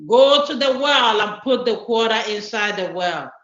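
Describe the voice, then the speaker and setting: A woman plays a stern father who asks firm, probing questions. His voice is slow and measured, and it rings out in an echoey church hall. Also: on the high side, animated, a bit bright, lo-fi sound.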